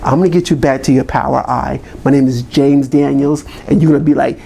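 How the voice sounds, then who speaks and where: A man delivers a motivational talk straight to camera, pushing his points with emphatic, repeated phrases. His pitch sits in an ordinary middle range. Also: fairly even intonation, fairly quick, gravelly, few pauses, mellow, slight background noise. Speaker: motivational speaker.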